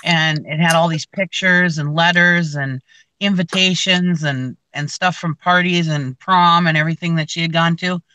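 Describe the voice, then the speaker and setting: Bright-voiced woman telling a rambling story. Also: on the low side, steady tone, moderate pace, dry recording, poor audio. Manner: rambling, many fillers and restarts. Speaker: reseller channel host. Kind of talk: casual storytelling chat.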